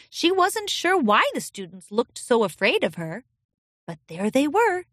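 Expressive woman reading a storybook. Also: medium pitch, no room sound, clean studio sound. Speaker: narrator. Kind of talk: storybook narration.

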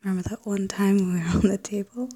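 A woman voicing a wistful, teasing ex-lover in a whispered role-play, speaking in a hushed, breathy voice with hesitant restarts. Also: medium pitch, steady tone, quick pace, close to an everyday voice. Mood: sultry, teasing.

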